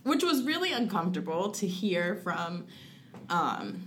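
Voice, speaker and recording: A young woman guest recounts a personal story conversationally, her low-leaning voice sing-song, peppered with "like" and acted-out quotes of what she once thought. Some phrases rush by while key words slow down. There's a little hiss or hum.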